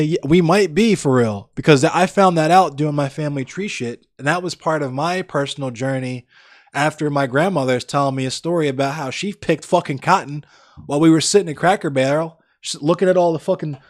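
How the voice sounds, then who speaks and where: A man's voice: fairly high pitch, no echo, clean studio sound. A young man livestreaming, chatting casually with viewers in a blunt, profane, ranting way. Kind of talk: casual chat with live viewers.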